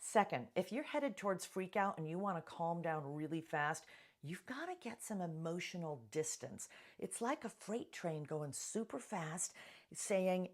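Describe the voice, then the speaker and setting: A woman giving calm-down advice to camera, in an earnest coaching manner, speaking straight to the listener. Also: on the low side. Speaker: presenter.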